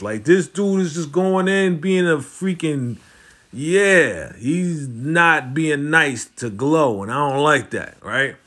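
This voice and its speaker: A man giving a casual, slangy recap of a TV drama episode, telling it with animated energy. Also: mid-range voice. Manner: animated, slangy storytelling, often fast. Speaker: YouTube show recapper.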